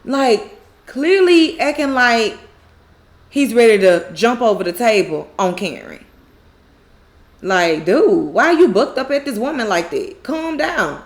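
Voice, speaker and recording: A woman with a slightly high voice recaps a TV drama episode in a loose, conversational way. She retells each scene with plenty of animation, slipping into the characters' lines and laughing along the way. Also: very animated, a little slow. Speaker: recap YouTuber. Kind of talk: casual TV recap.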